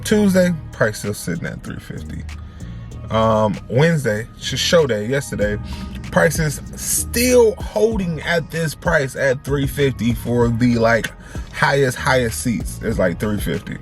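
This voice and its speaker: Male vlogger, mid-pitched, animated slangy storyteller, faint music underneath. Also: a little slow. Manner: animated, repeats phrases for emphasis; slangy, conversational. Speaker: family vlogger. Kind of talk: casual storytime to camera.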